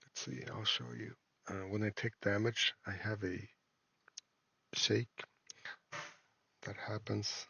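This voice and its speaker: Guy doing a casual game devlog, gravelly and kinda husky, lots of ums and restarts. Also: lowish voice, flat delivery, bright, forceful tone. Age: adult, a parent. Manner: halting, with many fillers and restarts. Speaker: indie game developer. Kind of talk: casual screen-recorded devlog.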